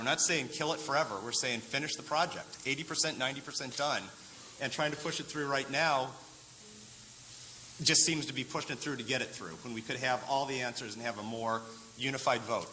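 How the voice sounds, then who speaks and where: A man's voice: medium pitch, steady tone, fairly quick, bright, forceful tone. A man speaking at a public meeting, persuasive and arguing point by point from a floor microphone. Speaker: resident speaking at town meeting. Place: large meeting hall. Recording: echoey hall, faint hiss.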